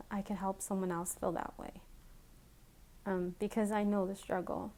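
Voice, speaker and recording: Emotional woman with a flat, even voice. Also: medium pitch. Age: adult with children. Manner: emotional, halting, grateful, with fillers and restarts. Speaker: vlogger. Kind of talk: heartfelt personal video message.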